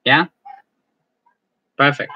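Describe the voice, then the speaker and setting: A male English teacher chatting casually as he closes an online class, friendly and halting, often repeating words. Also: bright, forceful tone, no room sound, highs cut off.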